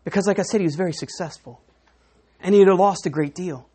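Animated woman preaching a sermon. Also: fairly low pitch, fast talker, slightly rough. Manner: animated, acts out crowd voices. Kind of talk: sermon with an object lesson.

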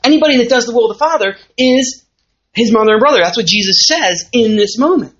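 A woman's voice: a little high, fast. A woman with a Southern US accent giving a conversational sermon, often asking her listeners questions. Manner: lively, conversational, asks the audience questions. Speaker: teacher of a church class. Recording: muffled lo-fi recording.

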